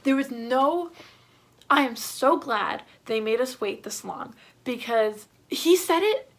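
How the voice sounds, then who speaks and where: Woman, higher-pitched, excitable fan reviewer; casual, gushing delivery. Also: slow. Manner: gushing, excitable, full of fillers. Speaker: film reviewer.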